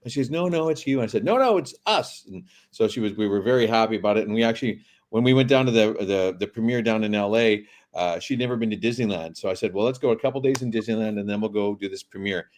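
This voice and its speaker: A man's voice: on the low side, quick pace, hardly any pauses, a little mellow. A man who is an actor, a guest telling rambling anecdotes in a casual interview.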